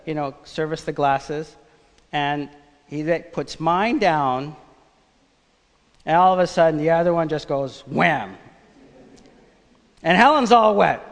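A man preaching a sermon, telling a personal story in a conversational, animated way. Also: high-pitched. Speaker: pastor. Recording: long church reverb.

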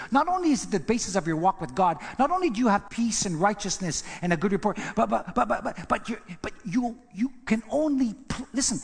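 A man preaching a sermon as pastor, emphatic, repeating words and swinging between loud and hushed lines. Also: high-pitched, in a large hall. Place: church.

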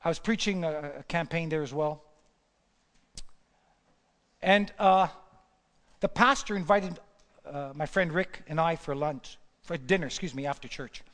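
Fervent, high-voiced man preaching in a hall. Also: unhurried, long pauses, fairly bright tone. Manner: emphatic repetition, builds to fervent peaks. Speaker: pastor. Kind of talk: sermon.

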